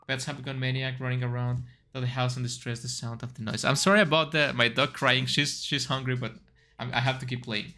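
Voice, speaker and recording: Male game streamer, bright tone, reads on-screen text and reacts out loud. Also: medium pitch, level tone, a little fast. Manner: reads aloud, then chats and reacts with yelps. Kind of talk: game playthrough, reading text aloud.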